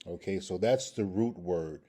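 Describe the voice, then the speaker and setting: A man with a deep, dark voice teaches a Hebrew grammar lesson at an unhurried pace. He repeats words and pronunciations and keeps checking in with his listeners with "okay" and "all right". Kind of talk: screen-share grammar lesson.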